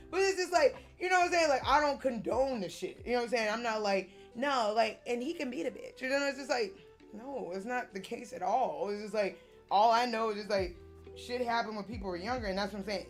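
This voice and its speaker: Animated young woman chatting casually. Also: medium pitch. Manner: animated, rambling, slangy and profane. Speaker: vlogger. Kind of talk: casual chat.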